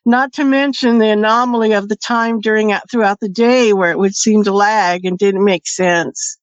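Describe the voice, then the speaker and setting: A woman's voice: medium pitch, steady tone, normal speed, no room sound. A woman guest telling a personal story in a casual, chatty way, laughing between phrases. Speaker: podcast guest. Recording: dry, dull lo-fi sound.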